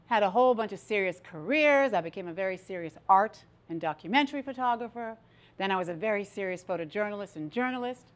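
A middle-aged woman giving a motivational stage talk, playful and animated, drawing the audience into participation. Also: medium pitch. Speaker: speaker. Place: stage before a live audience.

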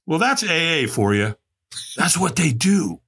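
A middle-aged man recounting his past on a podcast, bright and forceful in tone. He tells it candidly and with plenty of life, jumping up in pitch whenever he acts out what someone said. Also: measured pace, husky. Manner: animated, acts out quoted voices with big pitch jumps. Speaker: podcast guest. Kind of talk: candid storytelling.

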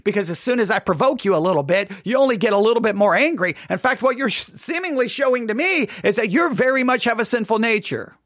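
Man teaching the Bible, provocative and animated. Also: high-pitched, no room sound, studio quality. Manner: provocative, sarcastic, challenging.

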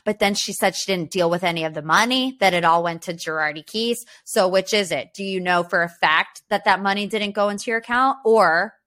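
A woman's voice: mid-range voice, a little fast, few pauses, a bit bright. A woman hosting a podcast in casual pop-culture commentary, sarcastic and opinionated, firing off rhetorical questions and peppering her talk with "you know" and "like.". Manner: chatty, frequent "you know" and "like". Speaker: podcast host.

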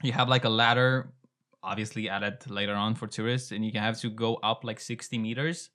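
Bright-voiced joking man. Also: fairly low pitch, flat delivery, fairly quick. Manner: joking, storytelling, laughs often. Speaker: podcast co-host. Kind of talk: casual chat.

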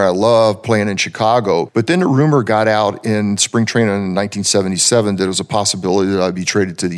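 A man in his seventies, a former ballplayer, telling relaxed anecdotes and acting out the people he quotes. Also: lowish voice. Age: 70s. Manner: relaxed storyteller, acts out quoted voices, frequent "you know".

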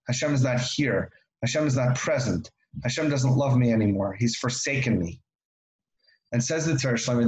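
A man delivering a Torah lesson in an ordinary middle-pitched voice. He leans on repetition and rhetorical questions. The sound carries a roomy echo. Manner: repeats key phrases, asks rhetorical questions. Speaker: Torah teacher.

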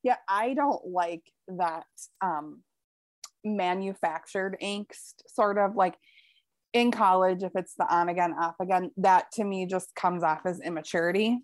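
A woman chats about a novel with her co-host, expressive and quick to laugh. She adds lively asides as she talks. The recording is dry and close. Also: fairly low pitch, dry recording. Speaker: podcast co-host. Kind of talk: casual book chat.

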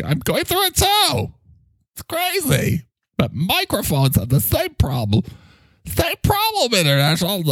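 A man's voice: a little high, no room sound, pitched above the performer's own voice, heavily acted. A man voicing a talking microphone, a dramatic and self-pitying co-host who lectures him.

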